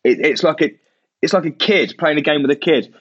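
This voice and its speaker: Husky male guest, halting and stammery. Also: on the high side, muffled recording. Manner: stammering restarts, mimics coaches. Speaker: podcast guest. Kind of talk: casual chat.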